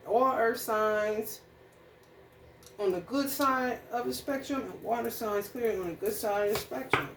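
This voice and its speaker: A woman's voice: fairly high pitch, measured pace, gravelly. Blunt, profane woman in an echoey room. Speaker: astrology reader. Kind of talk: casual spiritual reading and rant. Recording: echoey room, distant mic, faint noise.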